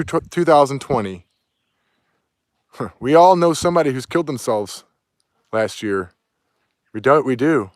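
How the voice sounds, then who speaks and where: A man rants outdoors in an angry, preachy, profane way. His voice sits at a middle pitch and sounds close and dry, with little room echo. He swings between low mutters and sharp outbursts. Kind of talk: ranting monologue. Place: outdoors near woods, with dog.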